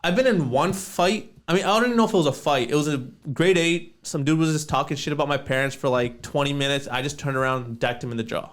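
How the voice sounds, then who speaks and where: A man's voice: fairly high pitch, fast, hardly any pauses. A man in his twenties co-hosting a podcast in casual chat, laid-back and slangy, swearing often. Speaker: podcast co-host.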